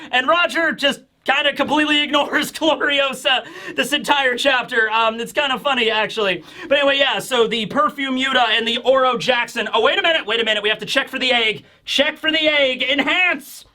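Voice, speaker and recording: A man giving a casual, animated manga chapter review, laughing often and acting out characters. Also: very high-pitched, normal speed.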